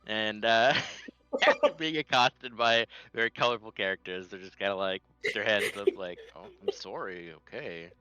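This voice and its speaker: A man narrating a tabletop role-playing game as game master, lively and laughing often, with dull lo-fi audio. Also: fairly low pitch, moderate pace, smooth, faint music behind.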